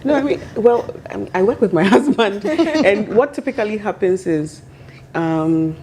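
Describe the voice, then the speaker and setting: Animated woman telling stories with laughs. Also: mid-range voice, normal speed, a crowd in the background. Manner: animated storyteller, laughs often. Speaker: panelist. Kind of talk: casual panel discussion.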